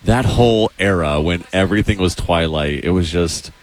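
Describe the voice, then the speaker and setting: A deep-voiced man chats casually as a co-host. He talks in an easygoing way and often restarts his sentences mid-thought. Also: normal speed, slight background noise. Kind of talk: casual chat.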